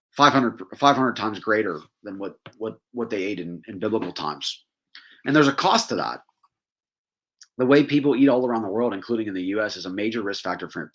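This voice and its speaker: A man with a lowish voice hosts a casual teaching talk. He reads passages aloud and breaks in with wry, conversational asides and small laughs. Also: a bit bright. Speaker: podcast host.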